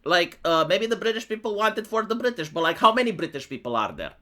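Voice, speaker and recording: Animated man, sarcastic. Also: sits high, quick pace. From Romania. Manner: sarcastic rhetorical questioning. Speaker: live streamer. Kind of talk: political commentary monologue.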